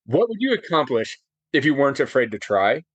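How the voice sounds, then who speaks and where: A man in his forties, an interview guest, telling a personal story with lots of fillers, animated and getting choked up as he goes. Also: medium pitch, brisk, breathy edge, no room sound, dull audio. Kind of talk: emotional storytelling in conversation.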